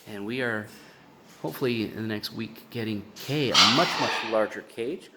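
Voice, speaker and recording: A man walking through the bird room in his house. He gives a casual vlog tour with lots of fillers and restarts, and coos at his birds in high baby talk. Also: moderate pace. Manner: chatty, with many fillers and restarts. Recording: constant room noise with clicks.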